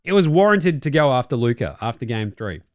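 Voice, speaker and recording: With big pitch swings and a slightly fast delivery, an Australian man in a mid-range voice hosts a basketball podcast over faint background music, in a dry, studio-quality recording. He rants profanely, gives blunt opinions, and does mocking voices when quoting people.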